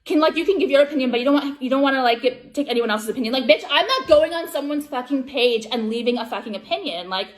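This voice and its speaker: A woman's voice: sits high, expressive, quick pace, few pauses. A woman vlogger ranting, combative and profane, with many filler words. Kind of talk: profane vlog rant.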